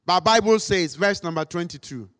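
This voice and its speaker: A man preaching a sermon, dramatic and acting out quotes, sometimes rising to shouts. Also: sits high, expressive, normal speed. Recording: long hall reverb.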